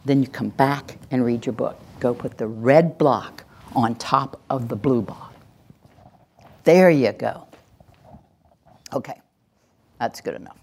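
A woman leads a parenting workshop as a live demonstration, talking plainly and then breaking into high, gushing praise. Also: slow, long pauses, a little mellow.

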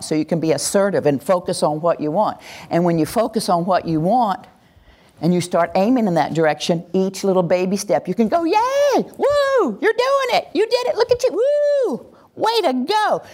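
A woman presenter giving an interactive teaching talk to a live group in a room, acting out cheering voices as she talks. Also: on the low side. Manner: animated, acts out cheering voices. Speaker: workshop presenter.

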